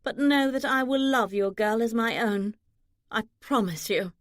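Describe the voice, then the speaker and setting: An earnest middle-aged mother, read by a woman, pleading gently and making heartfelt promises in a slightly raised voice. The recording is dry and close. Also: a little high, measured pace, no echo, natural voice. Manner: earnest, conciliatory. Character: warm-hearted mother of the groom.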